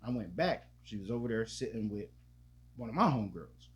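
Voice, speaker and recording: A man's voice: lowish voice, expressive, fairly quick, breathy edge. A man co-hosting a podcast, telling a loose, profane, rambling story in casual chat with lots of restarts. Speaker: podcast co-host.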